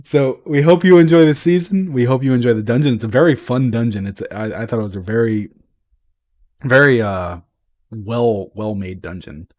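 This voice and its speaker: A man's voice: mid-range voice, normal speed, no room sound, clean studio sound. A man co-hosting a casual podcast about a video game's lore, talking in loose, rambling chat with lots of restarts. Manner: rambling, many restarts, excitable swearing when animated. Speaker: podcast co-host.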